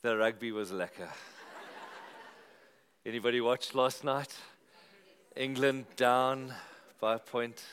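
A man's voice: medium pitch, fairly even intonation, slow, long pauses, a bit bright. A man with a South African accent, a pastor joking with his congregation in a casual, conversational way before leading them in earnest prayer. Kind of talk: sermon opening and prayer to a live congregation. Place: church service.

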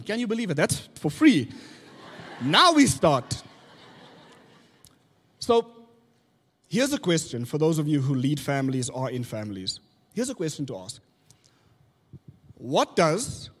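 A pastor preaches in a relaxed, conversational way, asking his listeners questions and slipping in jokes. His voice sits high for a man. It rings out with the long reverb of a church hall. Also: slightly rough. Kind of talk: sermon.

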